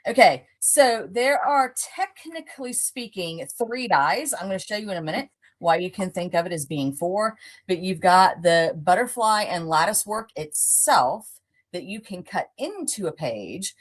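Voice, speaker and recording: A woman hosting a live craft product showcase as the shop owner, brisk and emphatic. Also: on the low side, animated.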